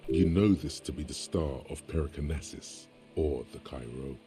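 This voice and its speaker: A man giving scripted narration for a video game, in a measured tone. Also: rumbling low, warm tone. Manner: gravelly, measured. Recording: game audio over the stream, faint music.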